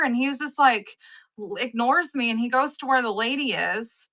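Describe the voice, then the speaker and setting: A woman's voice: sits high, a little fast. A woman, hosting a live stream and chatting with viewers, rambling through stories and acting out the people in them. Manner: rambling, animated storyteller who acts out the people in her stories. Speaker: live-sale stream host. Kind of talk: casual chat with live viewers.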